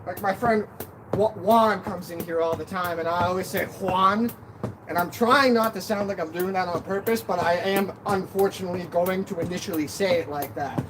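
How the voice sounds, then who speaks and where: A man's voice: high voice, moderate pace. A man chatting casually and joking on a live stream from an outdoor deck, sometimes a little out of breath. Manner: chatty, joking, self-deprecating. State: out of breath at times. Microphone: camera on a stand. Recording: outdoor noise behind the voice. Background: birds and wind.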